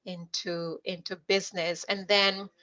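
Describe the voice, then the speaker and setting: A woman's voice: on the low side, measured pace. A middle-aged woman from Jamaica, a leadership coach, telling stories from her life as an interview guest and acting out remembered dialogue. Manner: animated storyteller, acts out remembered dialogue. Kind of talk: conversational storytelling interview. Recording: dull lo-fi audio.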